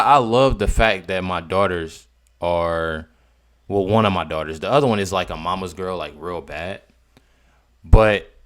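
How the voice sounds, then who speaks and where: A young man, commenting casually on a video clip. He is incredulous, swinging between loud outbursts and low mutters.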